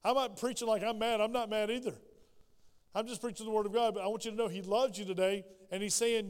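A long hall reverb trails the words of a pastor preaching in a church sanctuary, his male voice high and smooth with a darkish tone. He speaks a little fast with fairly even intonation, acting out little voices for the prayers he quotes.

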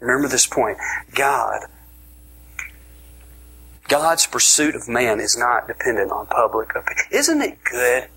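Husky man preaching slowly and playfully. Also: mid-range voice, very animated, sharp tone. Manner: playful, joking storytelling, with sudden whispers. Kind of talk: sermon.

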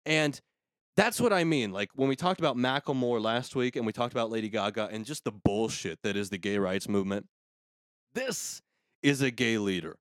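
A man's voice: medium pitch, normal speed, no room sound. Crude, ranting man on a podcast. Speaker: podcast host. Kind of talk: casual comedic rant.

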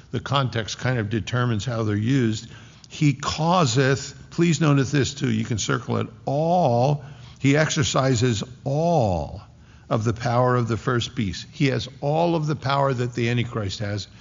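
Gravelly-voiced man preaching a sermon. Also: medium pitch, big-room sound, highs cut off. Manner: conversational preaching, sarcastic asides. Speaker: pastor.

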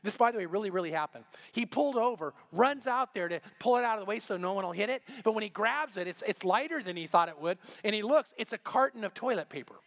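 High-voiced pastor telling a lively story. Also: male voice, fast, hardly any pauses. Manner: animated storytelling, acting out dialogue. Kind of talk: sermon. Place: church.

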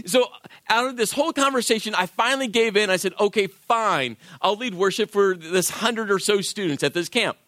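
A man's voice: high voice, normal speed, no room sound, studio quality. A man, a worship leader, telling a personal story as a sermon and acting out the voices of people in it. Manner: animated, acts out quoted voices.

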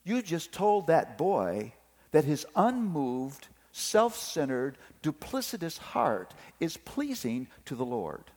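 Animated middle-aged man preaching, slow. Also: on the high side. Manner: animated storytelling, acts out family voices. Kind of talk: sermon on parenting. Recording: long hall reverb.

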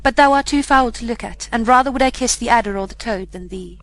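A woman's voice: fairly high pitch, fast talker, fairly bright tone, low-quality recording. A woman reading the part of a proud, scornful young boy in a storybook, with a haughty, cold delivery. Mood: bitter.

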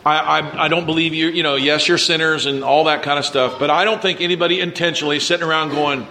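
A man's voice: fairly high pitch, steady tone, quick pace, hardly any pauses, sharp tone, a little hiss or hum. A man pastor preaching a conversational sermon to his church, reading scripture aloud and talking through it with frequent restarts.

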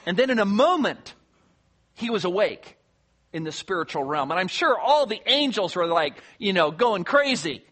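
Bright-voiced man preaching a sermon. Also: high-pitched, sing-song, moderate pace. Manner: earnest expository preaching, quoting scripture, drops quiet for emphasis. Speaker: pastor.

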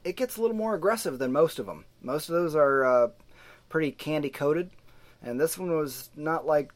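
A man co-hosting a casual film podcast, recommending a documentary with relaxed, quoted asides. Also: a little high, normal speed. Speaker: podcast co-host. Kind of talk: casual chat.

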